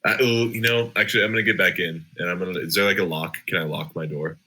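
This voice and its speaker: A man's voice: deep voice, fairly even intonation, fast talker, bright, forceful tone, slight background noise, rough recording. A man taking his turn as a player in a tabletop game, casual and hesitant, with many fillers.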